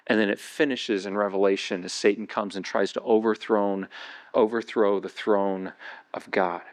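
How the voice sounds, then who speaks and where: A male pastor preaching a sermon, retelling a Bible story vividly and building to excited, high-pitched passages. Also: normal speed.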